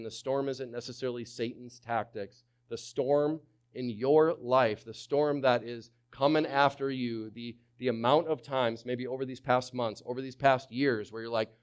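A man preaching a sermon, swinging from hushed lines to loud ones and acting out the people he quotes. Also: medium pitch. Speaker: pastor.

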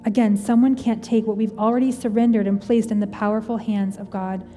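A woman's voice: medium pitch, fairly even intonation, a little fast, mellow, faint music behind. A woman in her thirties preaching a sermon in a conversational, earnest and personal way, as a pastor speaking to her congregation. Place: church auditorium. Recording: large hall with long reverb.

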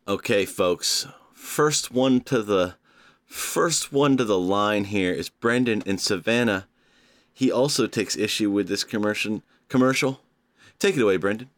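A man hosting a casual comedic podcast, talking to listeners in an animated, playful way with drawn-out emphasis. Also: on the low side. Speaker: podcast host.

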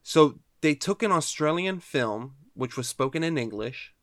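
A man's voice: on the high side, lively intonation, measured pace. A man co-hosting a casual film podcast, giving emphatic opinions and incredulous reactions.

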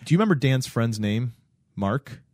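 A man chatting casually as a podcast co-host, recapping a series with animated storytelling. His voice sits at an ordinary pitch. The recording is dry, with no room sound. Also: normal speed, no room sound. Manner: animated storytelling, acts out quotes. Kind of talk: casual chat recapping a show.

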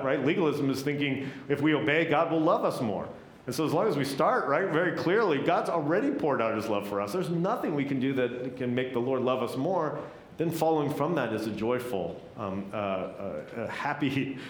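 A middle-aged male pastor gives a conversational sermon, often pausing to ask his listeners "right?". His mid-range voice carries through a reverberant church. A low, faint rumble sits beneath it. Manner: conversational, keeps asking "right?".

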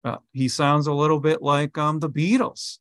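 A man's voice: a little high, steady tone, moderate pace, fairly bright tone, dry recording, studio quality. A man co-hosting a bible podcast, explaining scripture with vivid everyday analogies and lots of fillers. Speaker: podcast co-host. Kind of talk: bible study conversation.

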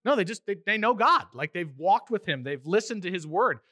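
A male pastor preaching a conversational sermon, animated and acting out little voices as he goes. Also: high-pitched, brisk, no echo, clean studio sound.

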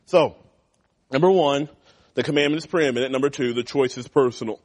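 With a mid-range voice and a fairly quick pace, a man who works as a youth pastor gives a sermon to teenagers in a church classroom. He swings from loud emphasis to quiet asides in an animated, conversational style.

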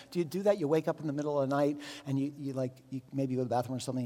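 A man preaching a sermon, telling stories in a lively way with jokey asides. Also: on the high side, racing, few pauses, big-room sound. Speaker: pastor.

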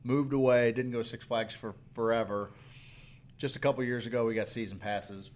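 A man's voice: mid-range voice, fairly even intonation, a little fast, a little mellow, a little hiss or hum. A man from the St. Louis area in casual chat as podcast co-host, telling a story, swearing freely and laughing often. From St. Louis area, USA.

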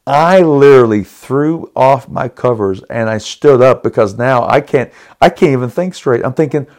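Speaking at medium pitch and a moderate pace with few pauses, a middle-aged podcast host shares a personal story. He gets worked up, restarts sentences again and again, and throws in occasional chuckles during the dramatic retelling.

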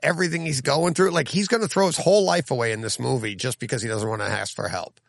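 A man co-hosting a casual podcast chat, animated and laughing, jumping to a high teasing voice when excited. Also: quick pace, gravelly, no room sound, clean studio sound. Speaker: podcast co-host.

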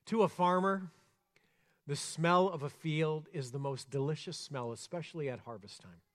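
A man preaching a sermon, earnest, rising to emphasis and dropping soft and slow. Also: on the high side. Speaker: pastor. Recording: long reverb of a church hall.

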